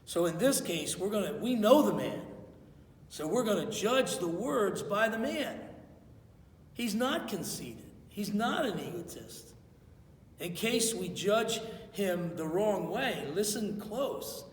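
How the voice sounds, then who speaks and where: A man's voice: high voice, sing-song, takes it slowly, recorded from a distance. A man preaching a conversational sermon as pastor in a church, acting out quotes as he goes. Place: church sanctuary. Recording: echoey hall, voice from afar.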